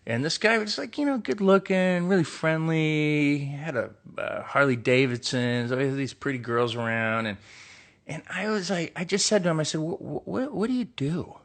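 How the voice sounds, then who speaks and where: A man's voice: on the high side, lively intonation, normal speed, fairly bright tone. A middle-aged man telling candid stories about his past jobs in a rambling, casual monologue with many fillers. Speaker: actor doing a live stream.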